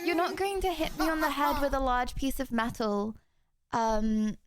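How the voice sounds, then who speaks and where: A woman's voice: sits high, fairly even intonation, normal speed, crowd noise. A young woman streamer chatting casually with her viewers in a rambling, giggly way. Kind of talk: casual livestream chat. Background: music.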